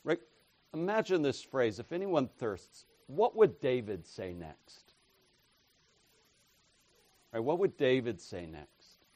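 A man preaching a sermon, dropping to quiet murmurs and rising to loud proclamations, with rhetorical questions and repeated refrains. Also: medium pitch, sing-song, slow pace, long pauses, no echo.

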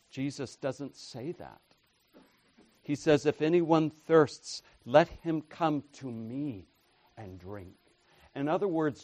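A man preaching a sermon, dropping to quiet murmurs and rising to loud proclamations, with rhetorical questions and repeated refrains. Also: medium pitch, dry recording.

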